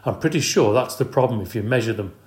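A man's voice: mid-range voice, animated, fast, echoey room, close to an everyday voice. A man reading an audiobook, voicing an eager, helpful young schoolboy who explains things keenly. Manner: bright, keen, explaining.

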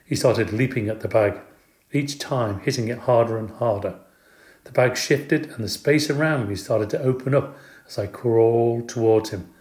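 Storybook narrator, adult man, playful and expressive, mid-pitched, recorded in an echoey room. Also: moderate pace. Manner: expressive, playful, does character voices. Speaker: audiobook reader.

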